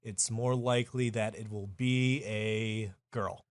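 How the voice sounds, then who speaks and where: A man's voice: fairly low pitch, fairly even intonation, slow, no echo, clean studio sound. A man co-hosting a comedy podcast, riffing crudely and explaining things in a lecturing way, breaking into laughs. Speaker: podcast co-host.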